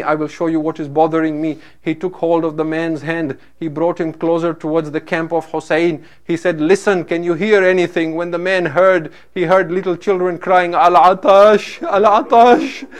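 A male preacher telling a story in a sermon, solemn and weaving in Arabic phrases. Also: on the high side.

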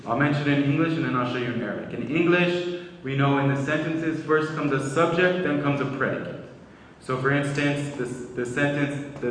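Male lecturer, measured explanatory delivery, mic far off in a reverberant hall. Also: medium pitch, a bit bright, slight background noise. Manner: measured, explanatory, repeats words when restarting. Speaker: Islamic lecturer. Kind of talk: religious lecture.

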